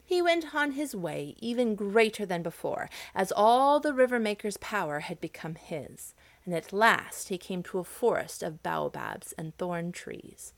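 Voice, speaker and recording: Female storyteller, animated, dry studio read. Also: mid-range voice, measured pace, creaky, no room sound. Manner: expressive, dramatic reading. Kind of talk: storybook narration.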